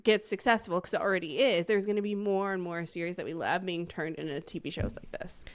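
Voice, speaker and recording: A woman's voice: on the low side, steady tone, brisk. A woman co-hosting a podcast in casual chat, an enthusiastic fan who laughs easily. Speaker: podcast co-host.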